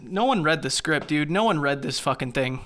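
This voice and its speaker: Sarcastic, ranting man with bright voice. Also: a little high, lively intonation, moderate pace. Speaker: gaming commentary host. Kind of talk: comedic game commentary.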